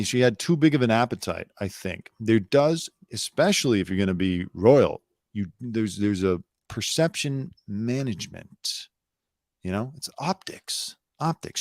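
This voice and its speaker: A man's voice: lowish voice, darkish tone, no echo, studio quality. A man hosting his own live show, giving blunt, sarcastic commentary with casual swearing. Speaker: host.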